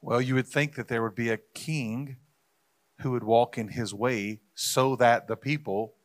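A man's voice: medium pitch, fairly even intonation, unhurried. A man in a casual discussion, telling an anecdote in an easygoing, storytelling way.

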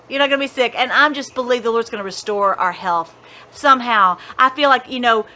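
A middle-aged woman leads an informal Bible lesson from her rural home. Her voice sits a little high and rings bright and sharp. She rambles enthusiastically, restarts her sentences and laughs easily. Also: a little fast. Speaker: Bible teacher. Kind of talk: casual Bible study teaching.

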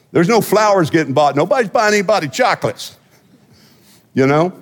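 Male pastor, fairly high voice, chatty joking sermon with restarts, long hall reverb. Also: expressive, normal speed. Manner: conversational and joking, with frequent restarts and repetitions. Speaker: senior pastor. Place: church sanctuary.

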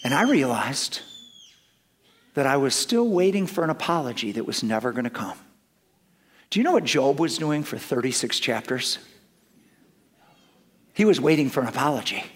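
A middle-aged man preaching a sermon, telling personal stories with lively swings from loud emphasis to hushed asides. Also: mid-range voice, moderate pace, pauses often. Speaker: pastor.

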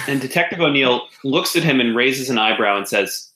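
A man running a tabletop game as game master, narrating in a relaxed, hesitant way with frequent pauses. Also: medium pitch, echoey room, poor audio.

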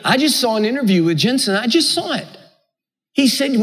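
A male preacher with a high, animated voice delivers a sermon in an emphatic, repeating cadence. His pitch leaps up and down. The words ring out with a long hall reverb. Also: normal speed, husky. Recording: echoey hall.

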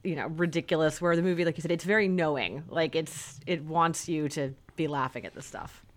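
A woman's voice: low-pitched, fairly quick. A woman co-hosting a podcast, chatting casually about a film, laughing often and restarting her sentences. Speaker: podcast co-host.

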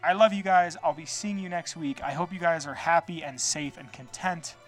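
A man's voice: a little high, moderate pace, faint music behind. A man hosting a podcast, chatting casually and rambling loosely, with plenty of swearing and filler words. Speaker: podcast host. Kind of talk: casual solo podcast chat.

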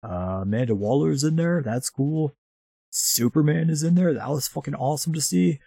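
Husky-voiced man, profane and rambling. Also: fairly high pitch, normal speed, dark tone, dry recording, clean studio sound. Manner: profane, rambling movie recap with mocking impressions. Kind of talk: casual chat.

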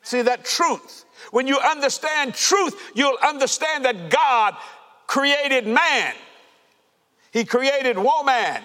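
Fiery high-voiced preacher. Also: male voice, expressive, takes it slowly. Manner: fervent preaching with shouts and laughter. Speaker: pastor. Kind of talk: sermon. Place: church sanctuary. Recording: reverberant church hall.

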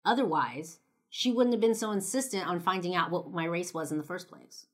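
A woman's voice: on the low side, fairly quick. A young woman from Los Angeles, telling a personal story to camera in a loose, chatty way, full of "like" and "you know" and some blunt swearing. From Los Angeles, United States. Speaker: vlogger.

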